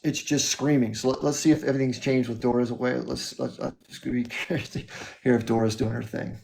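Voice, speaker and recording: An American man hosting a livestream debate, calm and lecturing, often addressing the caller by name. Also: mid-range voice, brisk, gravelly, slight background noise. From United States. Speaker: livestream host.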